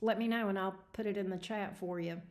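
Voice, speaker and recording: A snarky woman hosting a tarot livestream talks casually with her viewers, laughing often as she reads their messages aloud. She sounds tired, and her voice sits at an ordinary middle pitch. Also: steady tone, brisk.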